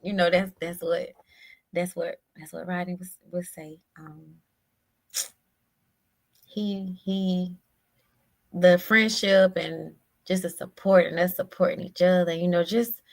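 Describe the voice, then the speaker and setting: A woman guest telling a personal story in a halting, emotional way, often repeating her words. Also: fairly low pitch, steady tone, gravelly. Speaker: podcast guest.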